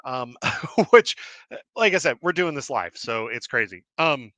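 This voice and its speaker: A man hosting a live show in casual chat, rambling and excitable with many fillers and restarts, a little out of breath. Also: medium pitch, measured pace, dry recording. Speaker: host. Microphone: desk mic with cord.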